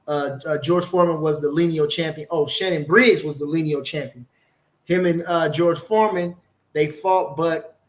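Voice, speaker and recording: A man hosting a casual boxing live stream, rambling and emphatic, cursing freely and reading viewer comments aloud. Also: on the high side. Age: older. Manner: swearing, rambling, emphatic, reads chat aloud. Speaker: boxing channel host.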